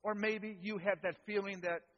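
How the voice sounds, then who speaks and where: A pastor preaching a sermon, retelling a scene with dramatic storytelling and swelling loud at the quoted cries. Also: male voice, high-pitched, fairly even intonation, normal speed, highs cut off.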